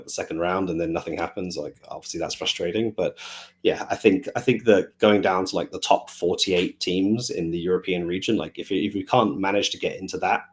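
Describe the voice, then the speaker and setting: A man answering fan questions in a relaxed, rambling way, with many fillers as he thinks aloud. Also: low voice. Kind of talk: casual Q&A chat.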